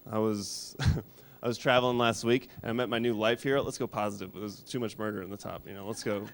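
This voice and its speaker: A man in his thirties doing a stand-up comedy set, deadpan and rambling, shouting when he acts out characters. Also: on the low side, a little fast. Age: 30s.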